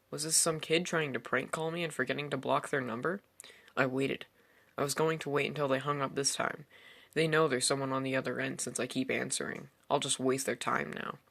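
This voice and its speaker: A man's voice: mid-range voice, vocal fry, pushed and bright. A man reading a first-person horror story aloud in a tense storytelling manner. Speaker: narrator. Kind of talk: scripted horror story narration.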